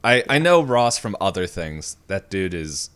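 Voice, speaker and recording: A podcast co-host in a casual chat, who pauses, loses the train of thought and laughs often. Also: low-pitched, sing-song, fairly bright tone, clean tone.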